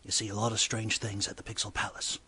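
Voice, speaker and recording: A man voicing a chatty male bartender, telling a bar story in a breathy voice. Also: on the low side, completely flat delivery, quick pace, heavily acted. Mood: gossipy storytelling. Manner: exclaims loudly, then drops to hushed asides. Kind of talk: comedic character monologue.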